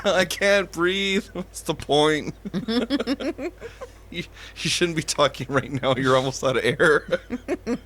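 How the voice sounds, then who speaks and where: A man's voice: a little high, expressive, takes it slowly, long pauses, a bit bright, slight background noise. A man co-hosting a podcast in casual chat, making crude jokes and laughing often. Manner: crude joking, frequent laughter. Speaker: podcast co-host.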